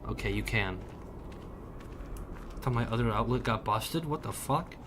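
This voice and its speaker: A young man livestreaming a game, bantering loudly and profanely with his chat and joking around. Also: medium pitch, moderate pace, slight background noise. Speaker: streamer. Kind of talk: casual livestream chat while gaming.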